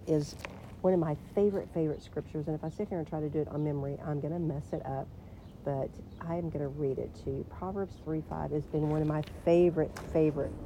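A woman leading an informal devotional talk and guided prayer, speaking conversationally and reflectively, sometimes dropping to hushed tones. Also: low voice, a little hiss or hum.

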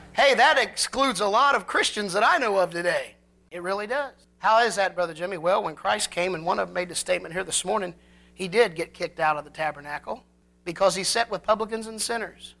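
A pastor delivers a sermon with a bright, sharp edge to the voice. Scripture is read slowly and drawn out, and the key phrases swell louder and higher with fervor. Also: creaky. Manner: slow, drawn-out scripture reading.

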